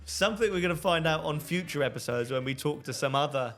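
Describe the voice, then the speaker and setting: A man's voice: on the high side, lively intonation, fast, fairly bright tone. A man hosting a podcast, asking questions in a playful, teasing way. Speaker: podcast host. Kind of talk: casual interview chat.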